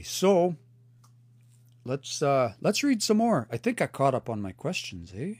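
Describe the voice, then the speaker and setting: A middle-aged man talks through pronunciation on a casual livestream, earnest and thoughtful, often restarting a phrase as he thinks. His voice sits at a middle pitch and sounds close and dry, with little room around it. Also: a little mellow, no echo. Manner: thoughtful, earnest, restarts and repeats words while explaining. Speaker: language teacher on livestream. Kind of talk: casual live teaching, reading chat comments. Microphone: phone or computer mic for a livestream.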